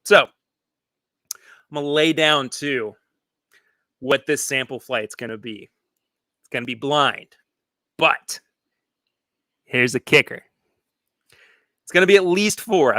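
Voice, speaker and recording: A man chats casually as host of a live stream from his home studio, his voice bright and forward. He rambles and restarts his sentences as he goes, reading viewer comments aloud. The sound is dry, with the room barely heard. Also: medium pitch, dry recording. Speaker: podcast host.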